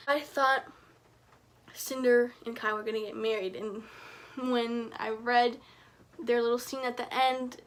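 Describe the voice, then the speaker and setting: A young woman reviewing books in a casual vlog, chatty and excitable, jumping up in pitch when she acts out her own reactions. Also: a little slow, pauses often. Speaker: book reviewer.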